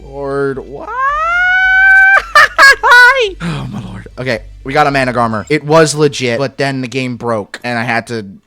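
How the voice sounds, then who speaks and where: A man's voice: mid-range voice, normal speed, over loud music. Exasperated cursing young man gaming. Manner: exasperated, profane, talking to in-game animals. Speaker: gaming video creator. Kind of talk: casual gameplay commentary and narration.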